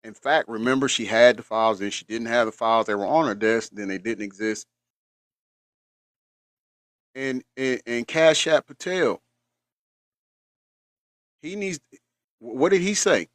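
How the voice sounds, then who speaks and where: A man's voice: mid-range voice, measured pace, long pauses, a bit bright, no echo. A man chatting casually on a live stream, emphatic and repetitive, thanking viewers as he goes. His voice sits close and dry to the mic. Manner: emphatic, repeats himself, colloquial. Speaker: stream co-host thanking chat.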